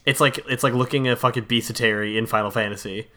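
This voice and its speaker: A man's voice: mid-range voice, fairly even intonation, quick pace, pushed and bright. A man co-hosting a casual podcast, often restarting his sentences and chiming in with short agreements. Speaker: podcast co-host. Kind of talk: casual chat.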